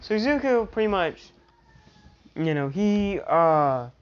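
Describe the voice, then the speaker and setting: A woman's voice: medium pitch, animated, slow, clear, resonant tone, dull audio. A woman improvising a fan-fiction story aloud, rambling with lots of restarts and fillers. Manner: rambling, full of "you know" and restarts.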